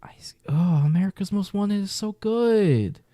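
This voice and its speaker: A man's voice: high voice, normal speed, mellow, no echo. A man reacting casually to a music list, muttering exasperated, profane comments with whispered asides.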